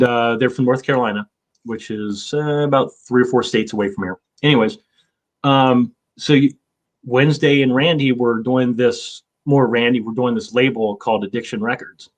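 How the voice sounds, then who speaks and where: A man in his fifties, hosting a casual chat, rambling with lots of fillers and swearing. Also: mid-range voice. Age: 50s. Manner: rambling, profane, with many fillers. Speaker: show host.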